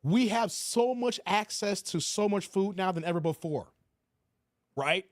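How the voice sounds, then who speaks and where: Blunt, high-voiced man ranting. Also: animated, a little slow, no echo, clean studio sound. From United States. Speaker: channel host. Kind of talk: livestream commentary.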